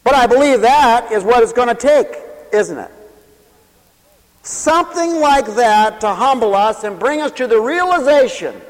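A man's voice: extremely high pitch, lively intonation, unhurried, big-room sound, rough recording. A man preaching a sermon in a folksy, sarcastic way, mocking others by imitating their voices.

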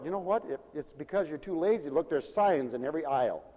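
A man's voice: fairly high pitch, expressive, quick pace, few pauses, warm tone, big-room sound. A man preaching a folksy sermon, playful and sing-song, acting out little everyday scenes.

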